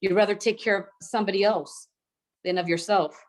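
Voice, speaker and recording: A woman's voice: medium pitch, steady tone, fairly quick. A woman in her fifties sharing thoughtfully on a group video call, with many hesitations. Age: 50s.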